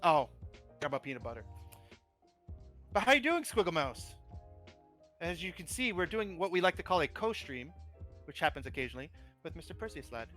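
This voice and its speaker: A man's voice: a little high, very animated, brisk, long pauses, bright, forceful tone, faint music behind. A man on a livestream who rambles casually, reads chat aloud and pokes fun at himself. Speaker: streamer and model kit builder, guest.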